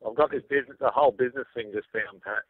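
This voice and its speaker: A man's voice: mid-range voice, very fast, no echo. A man with an Australian accent calling in, chatting casually with laid-back, self-deprecating jokes. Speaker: phone-in caller. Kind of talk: casual chat. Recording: tinny phone line.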